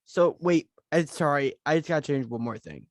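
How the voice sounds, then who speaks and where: A man co-hosting a casual movie podcast, excitable and playful, quick to joke. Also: on the high side, no echo, studio quality. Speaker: podcast co-host.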